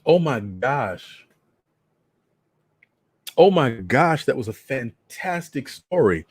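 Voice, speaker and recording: Excited, gushing male host. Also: medium pitch, takes it slowly, slightly rough, no echo. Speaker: storytelling host. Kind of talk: casual chat after a reading.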